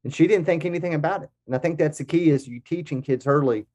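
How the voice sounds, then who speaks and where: An American man in his forties, a podcast guest telling lively anecdotes. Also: a little high, fast talker. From United States. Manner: lively anecdotes with acted-out quotes. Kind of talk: casual storytelling.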